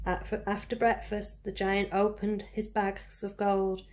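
Woman reading a fairy tale to kids, takes it nice and slow, gentle. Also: medium pitch, flat delivery, slight background noise. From United Kingdom. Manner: gentle, addresses children directly. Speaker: storyteller for children. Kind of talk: read-aloud storytelling.

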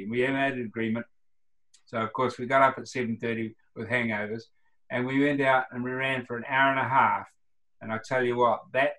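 A man's voice: mid-range voice, a bit bright, rough recording. A man from New Zealand around seventy with a New Zealand accent, telling rambling anecdotes in a casual interview and acting out the quoted lines. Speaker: guest, retired runner.

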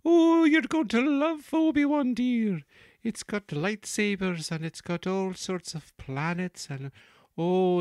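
A man's voice: high-pitched, a little mellow, clean tone, no room sound, studio quality, pitched above the performer's own voice. A man voicing a fussy, sweet elderly female nanny who coos and dotes. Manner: cooing and doting.

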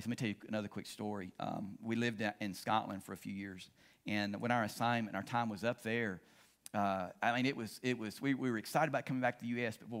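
A middle-aged pastor delivers a sermon full of stories, his mid-range voice swinging from excitement to a hushed tone.

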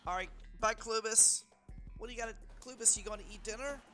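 A man's voice: high-pitched, a little fast, bright, forceful tone. A young man hosting a live gaming stream, hyped and teasing, laughing often with friends. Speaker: streamer host. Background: game music.

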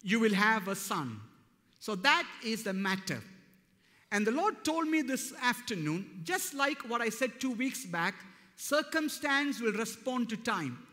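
High-voiced preaching man in echoing hall. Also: sing-song, a little slow, pushed and bright. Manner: emphatic preaching, building to fervent declarations. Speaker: pastor. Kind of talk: sermon. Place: church hall. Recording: long hall reverb.

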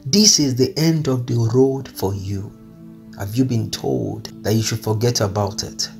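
A man preaching an earnest devotional message with a gravelly, creaky edge to his voice. His pitch sits at an ordinary middle level, and soft music plays behind him. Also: a little slow. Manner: earnest, pleading, repeats phrases. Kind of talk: devotional sermon over music.

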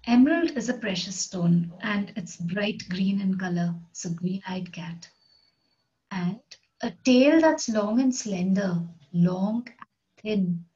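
A woman's voice: mid-range voice, darkish tone, muffled recording. A woman teaching an English poetry lesson, reading each line and then explaining the words in simple terms.

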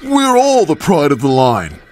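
A man voicing a big, grumpy male engine who talks gruffly and dismissively. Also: fairly high pitch, wildly swooping pitch, measured pace, darkish tone, slight background noise, voice pushed up.

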